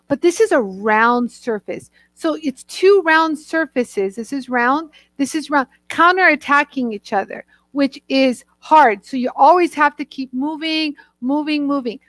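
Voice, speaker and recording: A woman with a high, slightly bright voice hosts a chatty live product demo at a moderate pace with few pauses. She's bubbly, laughs often, and greets viewers by name. The recording is rough but has no echo.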